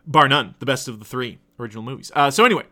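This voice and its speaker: A man's voice: medium pitch, racing, bright, forceful tone. A man in his thirties telling a casual, profane, digressive story about his past. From Canada. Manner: profane, digressive, self-deprecating. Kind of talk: casual rambling anecdote.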